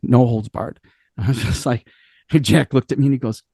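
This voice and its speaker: A middle-aged rock singer from Cleveland, spinning stories in a loose, profane way and laughing as he goes. His voice is gravelly with a warm, dark tone. The sound is dry and close, with no room echo. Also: mid-range voice, normal speed. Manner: animated, profane, laughs often while telling stories. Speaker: rock singer, interview guest. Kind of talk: casual interview storytelling.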